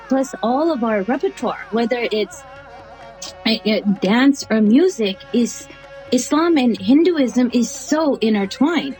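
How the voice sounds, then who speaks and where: A woman guest in an interview, telling stories in a lively, animated way with frequent laughter and acted-out dialogue, with an American accent. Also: fairly high pitch, rough recording. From United States. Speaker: interview guest, artist and chaplain. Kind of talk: animated storytelling in conversation.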